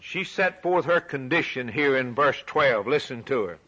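Bright-voiced preacher with emphatic delivery. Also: male voice, mid-range voice, expressive, moderate pace, husky, highs cut off. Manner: emphatic, repeats phrases, swings from loud to quiet; reads scripture aloud in a raised voice. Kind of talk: sermon.

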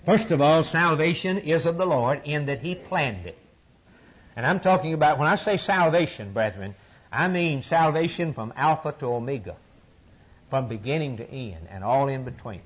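Male preacher, husky and fairly high, fervent repetitive sermon delivery. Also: animated, moderate pace. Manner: fervent preaching with repetition and dramatic pitch swings.

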